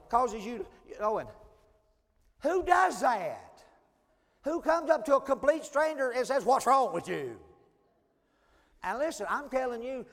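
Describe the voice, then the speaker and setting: Animated male preacher spinning a funny tale. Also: high-pitched, in a large hall. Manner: animated, self-mocking storyteller. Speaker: traveling preacher. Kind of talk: humorous storytelling sermon.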